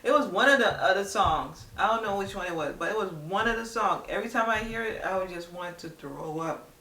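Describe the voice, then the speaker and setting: A woman's voice: mid-range voice, a little fast, bright, forceful tone, distant mic. A young adult woman chatting casually to camera as a vlogger, rambling with lots of "like". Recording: echoey room, voice a bit off-mic.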